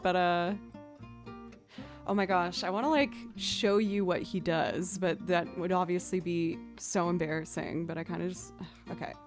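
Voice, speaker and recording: A woman's voice: on the low side, steady tone, normal speed, over music. Chatty young woman streaming from home. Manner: chatty and rambling, thanking viewers between anecdotes. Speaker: musician streamer. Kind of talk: casual livestream chat.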